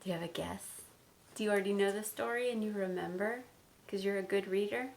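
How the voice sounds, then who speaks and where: A woman teacher reading a picture book aloud to children, animated and stopping to ask them questions. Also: mid-range voice, a little fast, gravelly, slight background noise, rough recording. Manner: animated, asks listeners questions.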